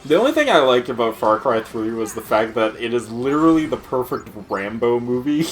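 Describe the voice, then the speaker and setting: A man's voice: medium pitch, very animated, fairly quick, soft background music. A man hosting casual gaming commentary, ranting with plenty of swearing and laughter while mimicking other people's lines. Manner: profane ranting, laughs often, mocks quoted voices. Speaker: let's play host.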